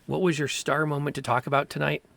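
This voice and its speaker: A man narrating a streamed tabletop game as game master, in an animated, dramatic storytelling manner. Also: on the high side, fast, vocal fry.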